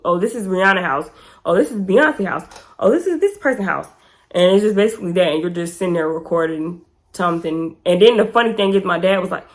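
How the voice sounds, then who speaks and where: Young woman vlogger, lively casual storytime, acts out quotes high. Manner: animated, acts out quotes in raised pitch.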